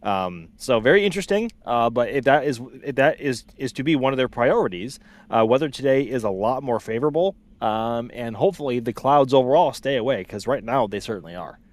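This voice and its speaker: A man's voice: medium pitch, expressive, fairly quick. A man co-hosting a live commentary stream, speaking hesitantly with lots of fillers and restarts. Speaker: co-host.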